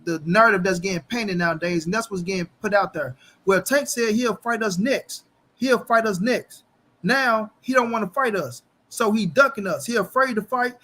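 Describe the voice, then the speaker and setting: A man hosting a casual boxing talk show, animated and heavy with cursing. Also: sits high. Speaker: host.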